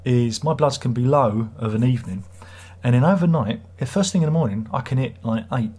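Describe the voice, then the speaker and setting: A middle-aged British man hosts a livestream, chatting casually in a rambling, wry and self-mocking way. His mid-range voice is husky and dark-toned, and he speaks fairly quickly.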